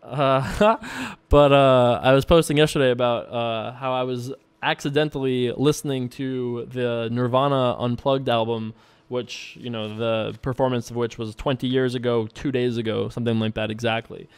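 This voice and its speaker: A young man hosts a casual poker stream, his voice smooth and clear at an ordinary, middle pitch. He chats offhandedly with viewers as he plays, often breaking into laughter and letting the odd curse slip out. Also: steady tone, normal speed. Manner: chatty and loose, laughs often, swears casually. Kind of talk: casual commentary while playing online poker and reading viewer emails.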